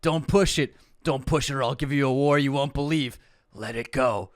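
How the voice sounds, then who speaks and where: A man reading as a gruff action-movie soldier. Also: mid-range voice, lively intonation, normal speed, no room sound, studio quality, natural voice. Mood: threatening. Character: hardened male action-film soldier.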